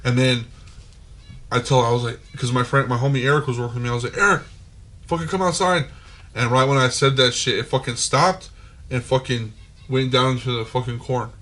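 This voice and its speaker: A man's voice: medium pitch, fairly quick. A man telling a long story on a podcast, swearing freely, with lots of "like" and "right?". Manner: profane, animated storytelling with many fillers. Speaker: podcast host. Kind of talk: casual storytelling.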